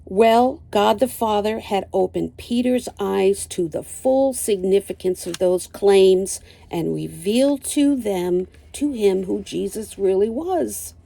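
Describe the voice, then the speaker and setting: An older woman teaching a Bible lesson, reading slowly and deliberately and citing chapter and verse. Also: medium pitch, vocal fry, mellow.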